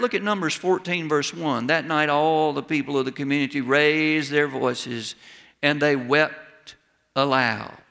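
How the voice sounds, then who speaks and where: A middle-aged pastor preaches a sermon in a homespun, storytelling way, now and then building to emphatic cries. His voice sits a little high with a gravelly grain. It rings out with the long reverb of a church hall. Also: bright, forceful tone. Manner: folksy storytelling, rising to emphatic exclamations.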